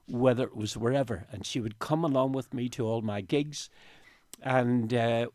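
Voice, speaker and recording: A man's voice: medium pitch, a little mellow, dry recording, studio quality. Older man, emotional storyteller. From Northern Ireland. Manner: emotional storytelling, tearful at times. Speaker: interview guest. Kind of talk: radio interview. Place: radio studio. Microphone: studio microphone.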